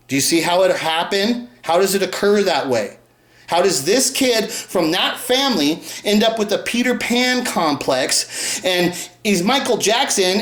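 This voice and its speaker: A host delivering a rambling, profane casual monologue, with lots of rhetorical questions and swearing. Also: mid-range voice. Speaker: show host. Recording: roomy echo.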